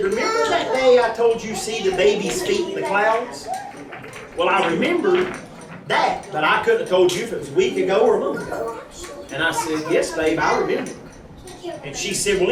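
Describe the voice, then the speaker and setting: A man telling a church congregation a personal testimony, acting out the conversations he quotes. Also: sits high. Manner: animated storytelling, acting out quoted dialogue. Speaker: husband giving a church testimony. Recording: echoey room from far off with a crowd.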